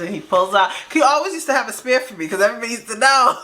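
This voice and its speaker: A woman's voice: on the high side, fast. A woman telling a personal story to camera in a casual vlog, acting out the quoted dialogue as she goes. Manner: animated, acts out quoted dialogue. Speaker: storytime vlogger. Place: indoors under camera lights.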